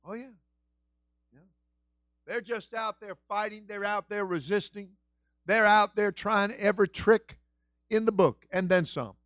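A middle-aged male pastor preaching a sermon with passion, moving between hushed storytelling and shouted exclamations. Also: high voice, unhurried, long pauses, dry recording, lo-fi sound. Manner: exclaims "whew" and "woo".

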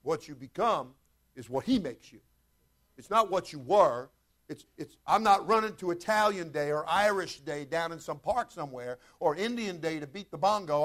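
A man with a notably high-pitched voice preaches as a pastor. His delivery is fervent yet conversational. He keeps turning to address his congregation directly. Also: lively intonation, normal speed, a bit bright. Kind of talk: sermon.

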